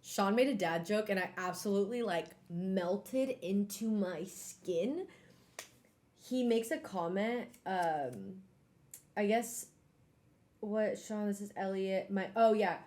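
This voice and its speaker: A woman hosting a casual live-stream book club, talking in an animated way with exclamations and trailing fillers. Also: medium pitch, takes it slowly.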